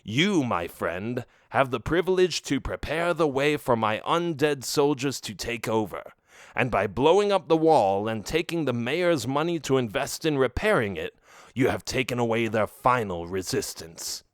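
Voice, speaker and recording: A man's voice: medium pitch, expressive, no echo, studio quality, lightly acted. A man voicing Kellen, menacing skeleton warlord. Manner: sinister, gloating, with slow deliberate threats. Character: scheming male skeleton army chief, menacing.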